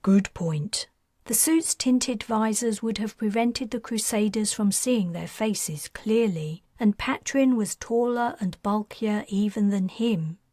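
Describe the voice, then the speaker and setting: Woman narrating, soft and breathy. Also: mid-range voice, unhurried, few pauses, no echo, studio quality. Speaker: author narrating her own audiobook. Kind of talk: scripted narration.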